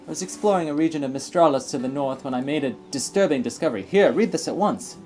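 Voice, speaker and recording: A man voicing an earnest, worried female explorer in a video game, trying on an accent and pitching his voice up. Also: animated, fast talker, a little mellow, faint music behind, lightly acted. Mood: urgent. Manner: attempted accent, raised pitch.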